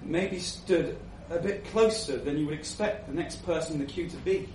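A man reading a first-person story aloud to a live audience, unhurried, with acted asides. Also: a little high, darkish tone, a little hiss or hum. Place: live event venue before an audience. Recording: echoey venue from a distant mic.

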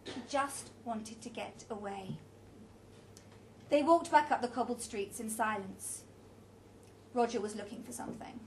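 A woman's voice: on the high side, measured pace, long pauses, a little hiss or hum. A woman reading a story aloud with a dramatic, varied delivery.

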